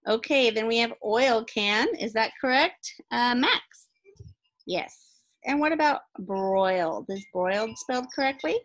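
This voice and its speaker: A woman's voice: mid-range voice, fairly bright tone, rough recording. A woman teacher giving a recorded phonics lesson to young children. She speaks patiently, calls on kids by name and answers for them, and praises them often. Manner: patient, talks to children by name, pretend call-and-response; upbeat classroom tone, praises often.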